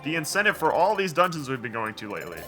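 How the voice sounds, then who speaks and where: A man's voice: a little high, sing-song, quick pace, music in the background. A man hosting a game playthrough, chatting casually and reading game dialogue aloud with joking asides. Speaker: let's play host.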